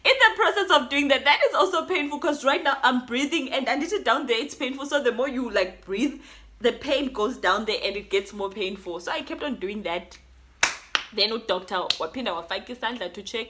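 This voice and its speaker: A young South African woman with a South African accent, telling a personal story in an animated, code-switching way. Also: on the high side, fairly quick. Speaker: YouTuber. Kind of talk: storytime vlog.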